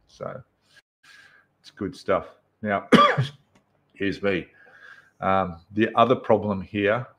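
A man's voice: fairly low pitch, fairly bright tone. A man with an Australian accent hosting a casual live stream from his apartment, greeting viewers by name and chatting with plenty of fillers. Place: apartment room indoors.

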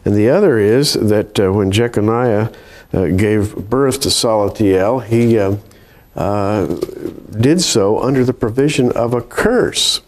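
A man co-hosting a Bible study conversation, measured in tone and reading scripture with emphasis. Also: lowish voice, a little mellow. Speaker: Bible prophecy show co-host.

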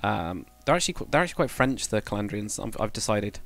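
A man's voice: fairly low pitch, lively intonation, fast, creaky, a bit bright. A man chatting casually to viewers on a live stream, rambling and correcting himself as he goes. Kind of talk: casual live-stream chat while building.

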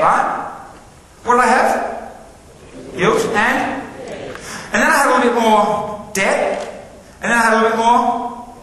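A man giving a lively motivational keynote, firing questions at his audience. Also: sits high, a little hiss or hum. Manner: animated, quizzes the audience. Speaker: motivational speaker. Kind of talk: live keynote talk to an audience. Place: large hall with live audience. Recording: echoey hall with long reverb, faint ambience.

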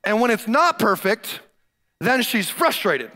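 A man preaching a sermon in a high, lively voice. He is emphatic and animated, hammering his points home by repeating them. His tone is bright and forceful, aimed at a congregation. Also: a little slow. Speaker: pastor. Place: church stage.

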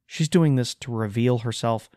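A man's voice: mid-range voice, normal speed, a little mellow, no room sound, clean studio sound. A man hosting a podcast, ranting in an exasperated, sarcastic way in casual solo commentary. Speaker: podcast host.

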